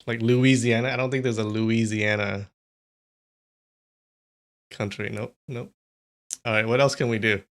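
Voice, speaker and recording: A man's voice: lowish voice, steady tone, unhurried, long pauses. A man hosting a casual livestream, chatty and thinking aloud, laughing often. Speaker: streamer.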